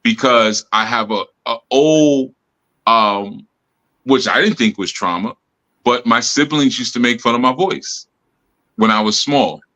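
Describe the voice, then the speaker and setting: A man with a deep bass voice, teaching in a relaxed, reflective way with many "you know" asides, on a live stream. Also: unhurried. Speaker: spiritual teacher and host. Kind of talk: casual teaching talk. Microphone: live stream mic.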